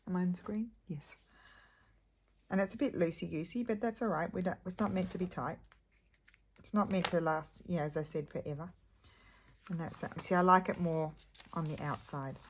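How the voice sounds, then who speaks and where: A woman's voice: low voice, moderate pace. A woman talking casually as she makes a paper booklet at home, thinking aloud, trailing off and restarting her sentences. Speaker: crafting vlogger. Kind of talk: casual craft tutorial chat.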